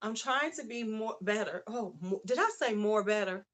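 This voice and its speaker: A woman's voice: a little high, normal speed, a bit bright. Beauty-channel host, woman with a lilt, chatty and off the cuff, answering her chat as she goes. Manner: chatty, reads chat aloud, asides to viewers. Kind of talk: casual live-stream chat.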